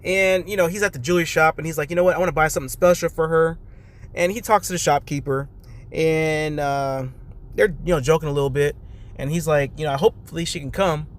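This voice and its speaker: A man's voice: on the high side, brisk. Chatty man recapping a reality show. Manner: chatty, loose, addresses listeners as guys. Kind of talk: casual recap.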